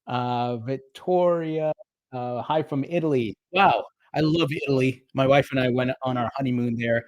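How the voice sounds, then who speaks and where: A man's voice: medium pitch, moderate pace, dry recording. A middle-aged man with a New Jersey accent hosts a casual crypto livestream, reading viewer comments aloud and greeting people by name in an upbeat, chatty way.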